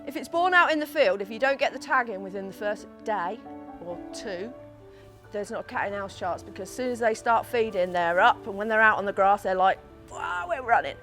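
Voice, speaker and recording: A woman's voice: mid-range voice, fairly quick, faint music behind. Chatty English woman farmer. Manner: chatty, emotional, talks softly to animals. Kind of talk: casual chat on a farm.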